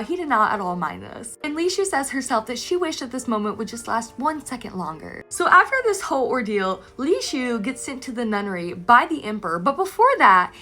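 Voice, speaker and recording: A woman recapping a story in a casual, animated, gushing way. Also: fairly high pitch. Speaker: anime recap creator.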